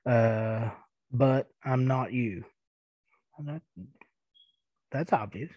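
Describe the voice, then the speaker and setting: A man's voice: mid-range voice, animated, darkish tone, breathy edge, no room sound. A man in his thirties with a thick Eastern Kentucky accent, hosting a podcast and answering listener emails in a rambling, chuckling way. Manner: chuckling, rambling, halting with fillers. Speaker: podcast host. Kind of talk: casual listener-mail chat.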